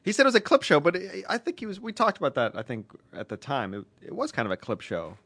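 Bright, lively wisecracking podcast co-host man. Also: fairly high pitch, fast, vocal fry, slightly rough, no room sound. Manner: wisecracking, sarcastic. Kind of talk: casual chat.

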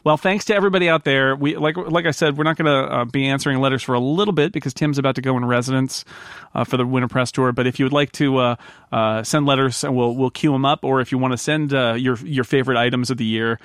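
A man's voice: medium pitch, fairly even intonation, quick pace, fairly bright tone, clean tone, no echo. Chatty male podcast host, dry sound. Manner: chatty, laughs often, reads listener mail aloud. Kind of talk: casual podcast chat.

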